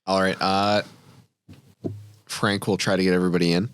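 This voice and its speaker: A man's voice: deep voice, level tone, moderate pace, slight background noise. A man playing a tabletop game who states his moves in a matter-of-fact way. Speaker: player. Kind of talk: casual tabletop play.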